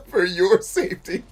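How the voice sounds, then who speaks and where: A man hosting a gaming show, riffing through casual gameplay commentary, boisterous and playful, full of slang and swearing, with sudden loud outbursts. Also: extremely high pitch. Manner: boisterous and playful, bursts into loud shouts and laughter.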